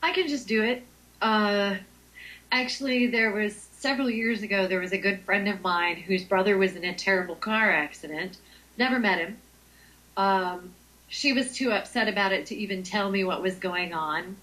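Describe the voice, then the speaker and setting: A woman guest on a talk show, speaking in a relaxed, unhurried way with frequent pauses and ums. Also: medium pitch, poor audio. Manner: slow, unhurried, many ums. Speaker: guest, Reiki teacher. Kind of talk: casual interview chat.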